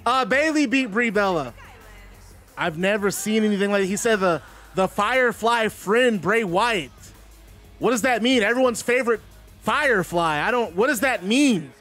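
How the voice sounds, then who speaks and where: An excitable male commentator with a very high voice, rambling through his narration of a simulated wrestling show. Faint music plays behind him. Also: a little slow.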